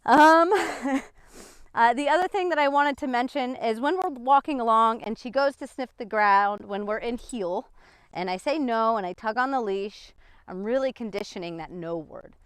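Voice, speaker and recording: A woman's voice: normal speed, clear, resonant tone, no room sound. A woman dog trainer talking outdoors while walking a dog and explaining her methods, a bit out of breath. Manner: chatty, swings up high for dog praise.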